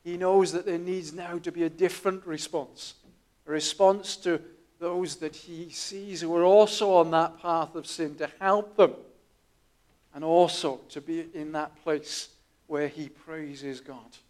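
A man preaching a sermon, telling stories in a quiet, earnest way with small restarts. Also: fairly high pitch, fairly even intonation, measured pace.

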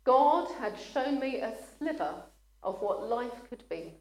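A woman's voice: on the high side, lively intonation. A woman preaching a sermon, speaking earnestly and at times choking up and apologizing. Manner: earnest, gets emotional and pauses to apologize. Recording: echoey room.

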